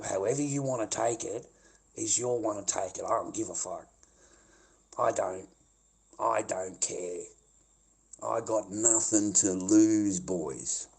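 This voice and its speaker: A man's voice: fairly low pitch, gravelly, slightly rough. An Australian man livestreaming a confrontational rant, swearing often and repeating himself as he talks to the camera. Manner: confrontational, profane, repetitive.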